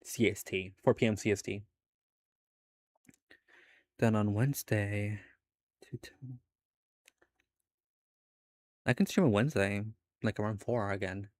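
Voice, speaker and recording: A man's voice: fairly low pitch, measured pace, pauses often, no room sound. A young adult man streaming from home, chatting casually with his viewers in a laid-back way, laughing often and swearing now and then. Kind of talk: casual chat with live viewers.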